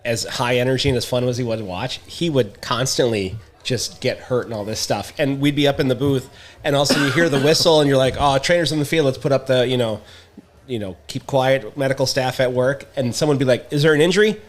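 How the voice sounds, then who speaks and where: A man's voice: medium pitch, fairly quick. Man telling stories, acting out quotes. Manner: animated storyteller, acts out quotes. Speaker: podcast co-host. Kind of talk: casual chat, storytelling.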